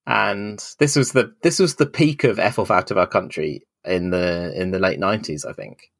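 Low-pitched and speaking at normal speed with some vocal fry, this podcast co-host is recorded with no echo. In his forties, he chats casually and unwinds a long, wry story, belting out the quoted voices.

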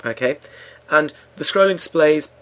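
A man co-hosting a casual chat, dry and mock-serious in a deadpan way. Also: a little high, moderate pace. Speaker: co-host. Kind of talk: casual radio-style chat.

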